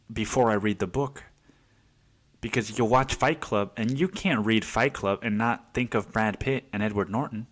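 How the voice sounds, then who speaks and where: A man hosting a casual solo podcast, rambling and swearing freely, calling everyone dude. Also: lowish voice. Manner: rambling, profane, calls listeners dude. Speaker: podcast host.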